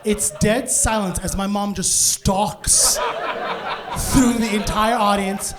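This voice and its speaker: High-voiced man doing stand-up. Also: over loud music. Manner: animated, fast storytelling with asides. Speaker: stand-up comedian. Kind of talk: live stand-up storytelling. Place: comedy venue stage.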